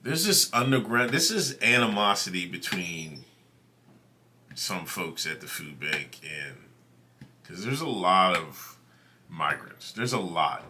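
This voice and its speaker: A man's voice: deep voice, sing-song, slow, background noise. A man hosting a livestream, telling a story to his chat in a loose, profane, conversational way. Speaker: livestream host. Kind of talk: casual storytelling to stream chat.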